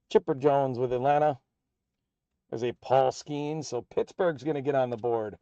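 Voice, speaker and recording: A man hosting a live card break, calling out player names and teams as packs are opened in a steady, upbeat patter. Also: medium pitch, normal speed, clean tone, no room sound, muffled recording. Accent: American.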